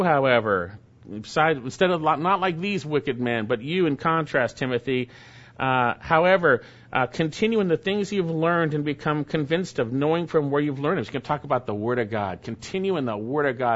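A man preaching an expository sermon, reading scripture aloud slowly and then explaining it in plain, casual asides. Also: fairly high pitch, a bit bright. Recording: dull lo-fi sound.

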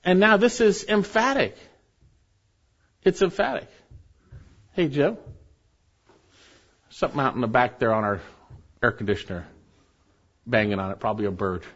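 A man's voice: mid-range voice, moderate pace, pauses often, a bit bright. A man preaching an expository sermon as pastor in a church, emphatic and repeating key phrases for stress. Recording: dull lo-fi sermon recording.

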